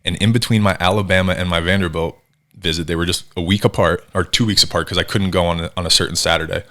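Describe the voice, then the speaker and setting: Man, 30s, from new jersey, very low voice, quick delivery, casual storytelling, animated. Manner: animated, acts out quoted voices. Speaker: guest.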